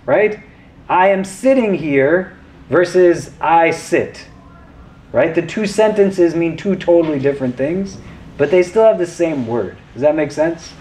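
A man's voice: fairly high pitch, a little mellow. Casual, chatty man teaching a lesson. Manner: conversational, often checks in with "right?" and "does that make sense?". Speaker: religious teacher.

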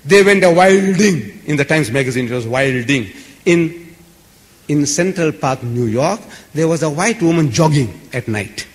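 A man delivers an impassioned lecture to a live audience, hammering his points with repeated lists. His voice sits a little high and swings widely in pitch. The sound rings with the long reverb of a large hall. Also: lively intonation, unhurried. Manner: emphatic, repetitive, building lists. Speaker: public speaker. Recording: echoey hall.

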